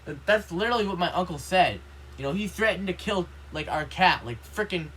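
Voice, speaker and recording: A man's voice: high voice, lively intonation, fairly quick, a bit bright, slightly rough, low-quality recording. A man vlogging in a casual, rambling monologue, indignant and complaining, filling every line with "you know" and "like".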